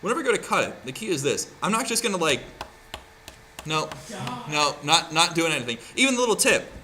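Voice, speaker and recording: A man's voice: fairly high pitch, big pitch swings, brisk, pushed and bright. A man teaching a craft class in a casual, chatty way, often checking in with "right?" as he demonstrates. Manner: chatty, keeps asking "right?". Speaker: art teacher.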